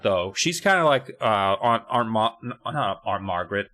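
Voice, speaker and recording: A man's voice: on the low side, big pitch swings, normal speed, sharp tone. A man co-hosting a podcast in casual chat, recapping a book in a sarcastic, profane, rambling way. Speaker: podcast co-host.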